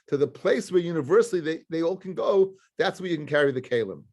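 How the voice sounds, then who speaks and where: High-pitched rabbi guy walking students through talmud, keeps repeating and asking them questions. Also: expressive, fast, few pauses, darkish tone. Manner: repetitive, emphatic explaining with questions to the class. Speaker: rabbi teaching a Talmud class. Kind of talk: live Talmud lesson to students.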